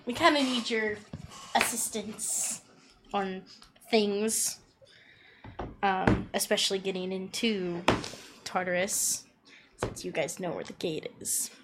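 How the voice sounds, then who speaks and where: A woman's voice: mid-range voice, slow pace, long pauses, heavy background noise, pitched below the performer's own voice, close to an everyday voice. A woman voicing a coy female Fury goddess of vengeance in a tabletop game, speaking in a teasing, flirty way. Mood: coaxing.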